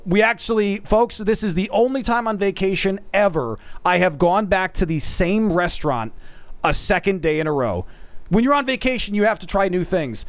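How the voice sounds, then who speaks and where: Animated male streamer, high and lively. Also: smooth, no echo. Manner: animated, self-deprecating, addresses chat as folks. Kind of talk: casual chat.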